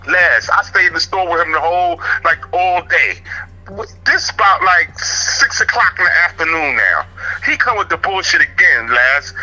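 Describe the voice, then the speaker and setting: A man tells a story from his own street life, talking loose and animated. His voice sits a bit high and cuts through sharp and tense, and he keeps pulling the listener in with asides as he goes. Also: moderate pace, faint music behind, low-quality recording. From New York. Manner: streetwise, animated, keeps saying "you know what I'm saying". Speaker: interview guest.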